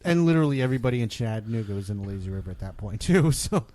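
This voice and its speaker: A man co-hosting a podcast, telling a story in a casual, animated way and loudly acting out what people said. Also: fairly low pitch, racing. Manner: animated, acts out quotes loudly. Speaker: podcast co-host.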